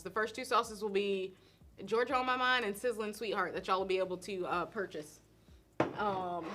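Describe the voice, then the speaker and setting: A middle-aged woman with a drawl hosts a casual live-stream chat about food. She talks in a loose, animated way and laughs often, and her voice sits at an average pitch for a woman. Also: background noise. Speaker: host and cook answering viewer questions.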